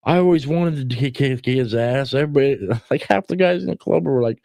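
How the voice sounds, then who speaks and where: A man's voice: medium pitch, animated, brisk, a little mellow, dry recording. A middle-aged man hosting a podcast, telling stories in a rambling, cursing way with lots of restarts. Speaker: podcast host. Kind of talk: casual chat.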